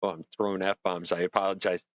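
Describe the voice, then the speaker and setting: A middle-aged man hosting a livestream, telling a long, animated story in casual chat and swearing freely as he acts out his own rants. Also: low voice, fairly quick, no echo, lo-fi sound. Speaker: livestream host.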